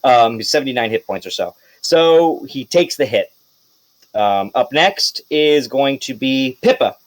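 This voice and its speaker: A man's voice: medium pitch, lively intonation, a little slow, poor audio. A man in a mid-range voice runs a tabletop game. He talks casually and hesitantly, trips over numbers and swears now and then. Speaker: game master.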